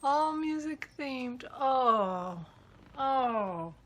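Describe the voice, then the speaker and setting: A woman hosting a casual vlog, chatty and excitable, gushing as she talks. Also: on the high side, slow pace. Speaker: podcast host. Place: outdoors walking a dog, then indoors.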